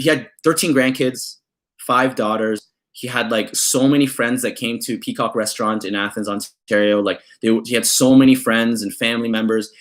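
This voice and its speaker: A young man from Canada vlogging, telling a personal story in a rambling, casual way full of fillers, getting animated when he acts out family members. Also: mid-range voice.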